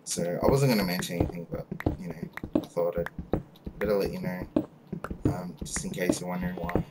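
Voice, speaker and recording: Young male game commentator, low voice, heavy hiss and clicks behind. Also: fairly quick. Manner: rambling, filler-heavy, self-mocking. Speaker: gaming channel host. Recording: loud background noise, mouse clicks.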